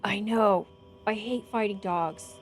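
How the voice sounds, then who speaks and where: A woman's voice: medium pitch, slow, slight background noise. A middle-aged woman chatting casually through her gameplay as a streamer, humming and singing little tunes under her breath. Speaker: game streamer.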